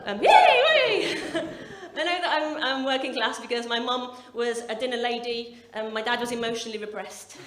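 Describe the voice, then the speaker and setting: On a comedy club stage, a Midlands comedian in her 40s delivers a wry, chatty set full of swearing and jokes at her own expense. Her voice is a little high, with heavy background noise, an echoey room and a laughing audience.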